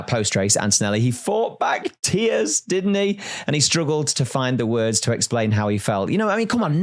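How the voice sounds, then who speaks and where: Lively, wry man doing a race recap. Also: medium pitch. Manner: wry, sarcastic, lively delivery. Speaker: listener contributor presenting a race recap. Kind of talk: scripted comedic race recap.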